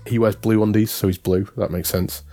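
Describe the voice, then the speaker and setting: A man's voice: fairly low pitch, steady tone, brisk, dark tone, soft background music. Chatty man rambling about games. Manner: rambling, self-correcting, amused. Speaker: podcast co-host. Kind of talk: casual chat.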